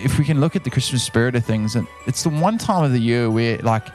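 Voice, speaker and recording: A South African man co-hosts a casual podcast at an ordinary middle pitch. He speaks earnestly, often repeats himself, and gets worked up when he insists on a point, with soft music playing faintly behind him. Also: animated, fast. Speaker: podcast co-host.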